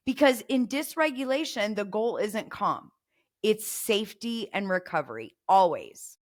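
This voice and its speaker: A woman's voice: mid-range voice, a bit bright. A middle-aged woman hosting a parenting podcast, coaching listeners and acting out example phrases to say to a child. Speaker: podcast host.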